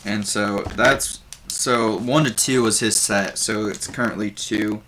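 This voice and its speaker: A man narrating a tabletop game as game master, casual and describing things with many pauses and restarts. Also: fairly low pitch, steady tone, a bit bright, a little hiss or hum.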